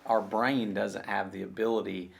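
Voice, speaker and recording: A man hosting a podcast and working as a counselor explains ideas in a measured, teaching way in a casual interview. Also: lowish voice, level tone, creaky.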